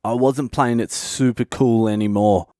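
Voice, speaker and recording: A man's voice: medium pitch, steady tone, measured pace, mellow, dry recording, clean studio sound. A man in his thirties from Australia with an Australian accent, telling a comic story on his own podcast in a loose, profane way. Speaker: comedian podcast host.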